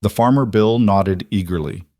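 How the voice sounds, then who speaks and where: A man narrating a frontier story in an even, measured way. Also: lowish voice, no echo, studio quality.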